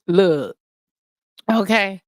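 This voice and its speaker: Woman host, brash and gossipy, mid-pitched voice, dry close sound. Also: lively intonation, extremely slow, no room sound. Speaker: livestream host. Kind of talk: casual livestream rant.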